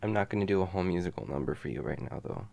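A man's voice: sits low, lively intonation, very fast, gravelly. Goofy young man in whispered role-play. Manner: goofy, playful and silly, with soft tender asides. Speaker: ASMR boyfriend role-play host.

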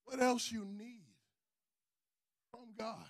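A man preaching a sermon to a church congregation. He builds into shouted emphasis and calls people up to the front. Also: very high-pitched, fairly even intonation, slow pace. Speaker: pastor.

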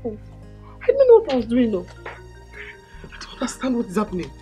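Frantic young woman, high lively voice, pleading, film music behind. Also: moderate pace. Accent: Nigerian. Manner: pleading and repetitive. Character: young woman Amaka, wild and pleading, feared mad. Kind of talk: Nollywood film acting. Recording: film score behind dialogue.

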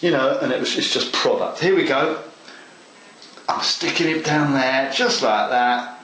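A man's voice: mid-range voice, measured pace, fairly bright tone, echoey room, a little hiss or hum, low-quality recording. A man hosting a model railway tutorial, chatting eagerly to the viewer as he works through a hands-on craft demonstration. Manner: chatty and enthusiastic, talks to the viewer.

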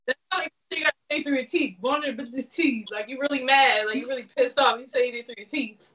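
Woman, game host, casual chat, bright tone, far from the mic. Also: sits high, a little fast. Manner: chatty and teasing, laughs often. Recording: distant, muffled sound.

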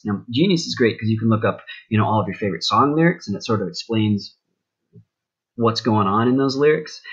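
A man's voice: on the low side, husky. Casual rambling male teacher, lo-fi. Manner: casual, rambling, many fillers and asides. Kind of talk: recorded classroom lesson.

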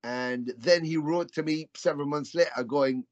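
A man's voice: a little high, normal speed, no echo. A man being interviewed as a musician, talking in a rambling, reflective way with many restarts. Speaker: musician guest. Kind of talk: casual interview chat. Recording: slightly dull, dry audio.

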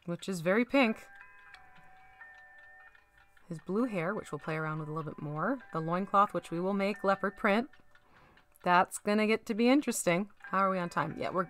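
Bright, playful woman with a Southern American accent, chatting to viewers while she paints, soft music underneath. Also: lowish voice. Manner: chatty, giggly, talks to chat while painting. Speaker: miniature painting streamer. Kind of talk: casual live-stream chat with viewers. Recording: faint background music.

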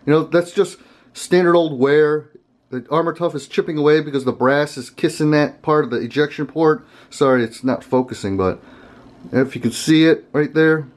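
A man's voice: fairly high pitch, moderate pace. Rambling, chatty man vlogging to camera. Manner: rambling, conversational, chuckles often. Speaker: gun channel host. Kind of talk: casual to-camera vlog.

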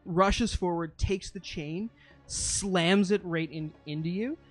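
A man's voice: high voice, slow, slightly rough, soft background music. Man narrating as a tabletop game master. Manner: lively narration with rules explanations, frequent fillers.

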